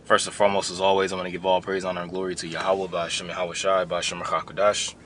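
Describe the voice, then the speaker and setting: A man's voice: deep voice, little pitch movement, quick pace, fairly bright tone, slight background noise. A man giving an informal religious lesson to his camp, rambling and conversational, building to heated emphasis.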